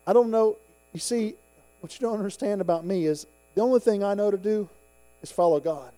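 Male preacher, high mellow voice, fervent and folksy, emphatic sermon delivery. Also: animated, a little fast, dry recording. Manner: fervent, swelling to emphatic peaks then dropping low; personal, folksy storytelling with congregation asides.

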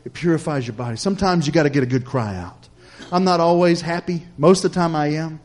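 A man's voice: on the high side, fast. Man preaching a style sermon. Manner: preacherly, repetitive cadence with call-and-response "Amen?"; swings from loud emphatic lines to soft hushed ones. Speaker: pastor.

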